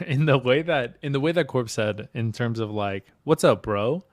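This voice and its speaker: A man's voice: medium pitch, expressive, moderate pace. Laughing, rambling male podcast co-host. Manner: rambling, laughing often, swearing. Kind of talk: casual chat.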